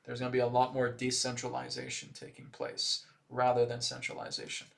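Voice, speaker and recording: Male tarot-stream host, gravelly voice, animated and mocking delivery. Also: medium pitch, a little fast. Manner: animated, mocking impressions, frequent laughs. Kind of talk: live-stream spiritual commentary.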